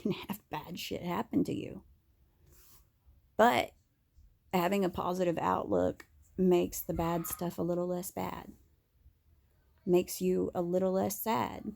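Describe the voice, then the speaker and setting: Woman vlogger, candid rambling chat, husky fry in a darker voice. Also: mid-range voice, dark tone. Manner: candid and rambling, with many fillers and restarts. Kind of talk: casual monologue to camera.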